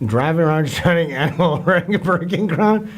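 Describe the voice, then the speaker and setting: A man's voice: on the high side, expressive, fairly quick. Rambling, mocking male streamer. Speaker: livestream host. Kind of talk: casual livestream chat.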